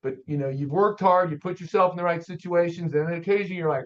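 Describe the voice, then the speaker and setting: An older man, an auto shop owner, telling a story in a folksy, animated way as a guest on an interview show. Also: high-pitched, fast. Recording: dull lo-fi audio.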